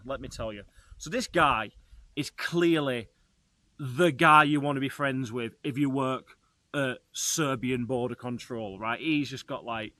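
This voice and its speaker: Bright-voiced man telling a story. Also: mid-range voice, no room sound. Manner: lively, chatty, talks straight to viewers. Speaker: travel vlogger. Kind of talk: animated storytelling to camera.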